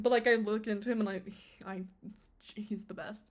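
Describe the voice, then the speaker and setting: A woman's voice: medium pitch, fairly even intonation, moderate pace. A young woman streamer chatting casually on a live stream, rambling with many fillers and restarts.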